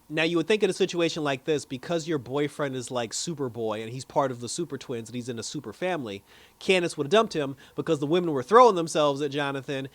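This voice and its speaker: A man giving a chatty, animated recap and review of a TV episode, often restarting his sentences. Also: mid-range voice, dry recording.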